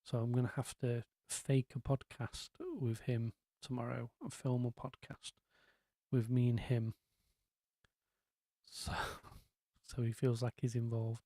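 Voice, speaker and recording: A man's voice: medium pitch, takes it slowly, warm tone, no room sound. A man hosting a casual live-stream chat, rambling along with lots of ums and asides.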